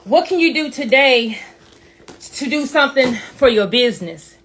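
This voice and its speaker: A woman's voice: high-pitched, animated, moderate pace, fairly bright tone, slight background noise. Breathless, sassy woman coaching on a live stream. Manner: sassy, emphatic, calls listeners baby and honey. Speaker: business coach. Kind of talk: casual motivational live stream. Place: outdoors in a front yard.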